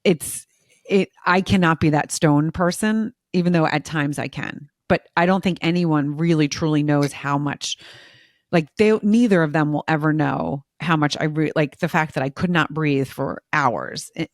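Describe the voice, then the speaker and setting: Woman in her forties, casual podcast chat, expressive, dry close sound. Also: low-pitched, moderate pace, no room sound. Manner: talkative, expressive, laughs often. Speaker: podcast co-host, mother.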